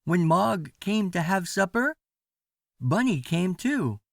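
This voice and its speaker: A man reading a children's storybook aloud as a bedtime story, slow and sing-song with lots of expression. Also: high-pitched, sing-song, gravelly, no echo, studio quality.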